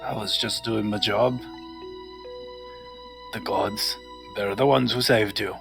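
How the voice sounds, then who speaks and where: A man voicing a calm adult police detective, reading game dialogue in a low, gentle, reassuring voice. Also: takes it slowly, vocal fry, over music.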